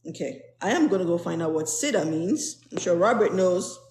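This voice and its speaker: A woman's voice: lowish voice, expressive, normal speed, a little mellow. A woman who is a spiritual teacher, reading aloud from a spiritual text to an online group and explaining each passage in plain, earnest words. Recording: roomy echo.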